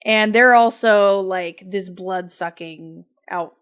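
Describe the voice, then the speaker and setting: A woman's voice: mid-range voice, slow pace, fairly bright tone, clean tone. A woman co-hosting a podcast, loosely recapping a story in casual chat, giggling often and leaning on fillers. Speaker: podcast co-host.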